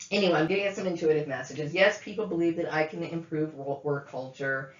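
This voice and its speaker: A woman's voice: deep voice, brisk. A woman delivering an angry, profane monologue, repeating herself and tagging lines with "okay?". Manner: profane, repetitive, many "okay?" fillers. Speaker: vlogger. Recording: echoey room, dull lo-fi sound.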